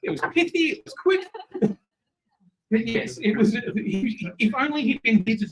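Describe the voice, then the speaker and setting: A man's voice: very high voice, expressive, moderate pace, long pauses, a bit bright, poor audio. A man with an Australian accent hosting an awards ceremony, joking around and reading out acceptance speeches for absent winners. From Tasmania, Australia. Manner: jokey, playful, reading acceptance speeches aloud. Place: event venue with an audience.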